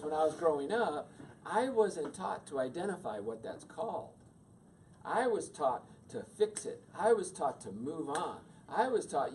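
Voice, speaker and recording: A man's voice: a little high, measured pace. A middle-aged man teaching a class on emotions, asking the audience questions and acting out quoted voices. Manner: animated, acts out quoted voices. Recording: distant mic with faint room noise.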